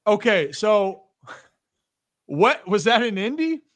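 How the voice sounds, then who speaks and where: A man's voice: high-pitched, sing-song, slow, fairly bright tone. A young adult man hosting a podcast, chatting casually and asking eager questions. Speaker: podcast host. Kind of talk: casual interview chat.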